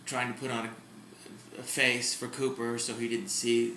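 Chatty man, bright voice, roomy sound. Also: medium pitch, level tone, measured pace, a little hiss or hum. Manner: chatty and candid, with sudden loud outbursts. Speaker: vlogger. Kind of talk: casual chat to camera. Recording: echoey room.

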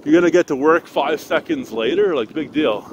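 A man's voice: a little high, normal speed, background noise. A man, a little out of breath, ranting and swearing casually to viewers while cycling outdoors in winter, recorded on a handheld phone. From Canada. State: slightly out of breath. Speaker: vlogger. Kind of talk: casual ride-along vlog. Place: outdoors on a bicycle in winter traffic.

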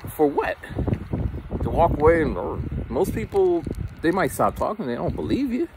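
A man's voice: a little high, sing-song, moderate pace, noisy background. A man talking outdoors in the cold in a casual, rambling monologue, often repeating words. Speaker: vlogger.

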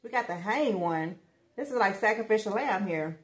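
A woman's voice: mid-range voice, lively intonation, normal speed. A woman giving a casual tarot reading who talks bluntly and swears a lot, speaking straight to her viewers in slang. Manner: slangy, emphatic, bursts of laughter. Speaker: tarot reader.

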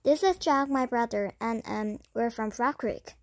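A woman's voice: a little high, a little slow, darkish tone, no echo, clean studio sound. A woman voicing a bold, chatty young girl, reading plainly with stumbles and restarts. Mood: eager.

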